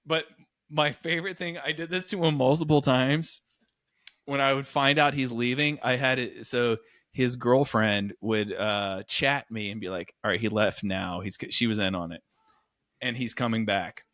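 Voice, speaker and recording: A man co-hosting a podcast in loose, casual chat. His voice sits at an ordinary middle pitch and the recording is dry and close, with no room around it. He tells stories with lively impressions of other people. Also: moderate pace, no room sound. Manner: animated storyteller, acts out quoted voices. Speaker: podcast co-host.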